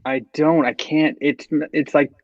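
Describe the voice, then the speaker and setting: A man with a New Jersey accent, a guest on a podcast, talking in a loose, halting way full of fillers. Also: on the high side, fairly even intonation, darkish tone, no echo, dull audio. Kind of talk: casual chat.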